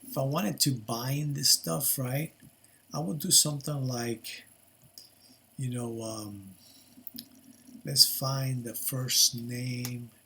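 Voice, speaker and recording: A man's voice: mid-range voice, fairly even intonation, slow pace, gravelly, pauses often, sharp tone, slight background noise. An older man giving a casual programming lesson while he works at his computer, thinking aloud with lots of fillers and restarts. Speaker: programming tutor. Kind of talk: casual screen-recorded coding lesson.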